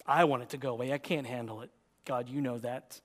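A man's voice: medium pitch, steady tone, brisk. A man preaching a sermon as pastor, emphatic and impassioned, in a church. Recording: long reverb of a large hall.

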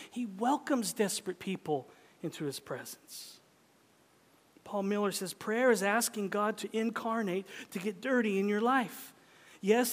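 Guy preaching a sermon, high voice, goes from loud and urgent to soft whispers, long echo like a big hall. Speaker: pastor.

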